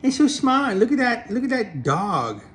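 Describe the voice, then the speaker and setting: A smug house cat sneers in a high, sing-song voice that stretches every word, as a man puts it on. The voice sits well above a man's usual pitch, with a faint hiss of room noise behind it. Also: big pitch swings, fairly bright tone, full character voice. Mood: mocking. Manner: high, mocking, drawn-out voice.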